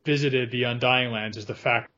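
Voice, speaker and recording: A man co-hosting a podcast, talking casually about a film in an animated way, laughing often. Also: mid-range voice, normal speed, highs cut off. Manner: animated, laughs often, quotes lines in funny voices. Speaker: podcast co-host.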